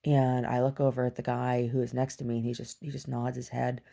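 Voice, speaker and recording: A woman recounting a disturbing dream in a personal video diary, talking haltingly with many restarts. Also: very deep voice, flat delivery, creaky, mellow. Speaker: survivor sharing a personal story.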